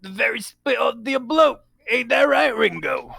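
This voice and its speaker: A woman's voice: a little high, sing-song, unhurried, creaky, fairly bright tone, slightly rough, no room sound, studio quality, voice pushed up, heavily acted. A woman voicing a tall, sneaky male crook with a put-on Cockney accent, playful and exaggerated. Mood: gruff swagger.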